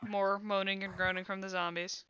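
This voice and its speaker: A woman narrating as game master of a tabletop game, with quick, descriptive narration. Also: medium pitch, level tone, fairly bright tone, a little hiss or hum.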